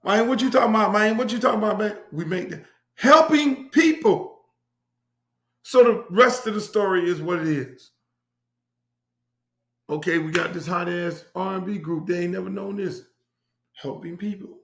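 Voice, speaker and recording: A man's voice: high voice, brisk, gravelly, a bit bright, roomy sound. A middle-aged man from Miami hosting his own show, telling stories in a brash, profane, repetitive way. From Miami, USA. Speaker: host. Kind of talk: casual storytelling monologue.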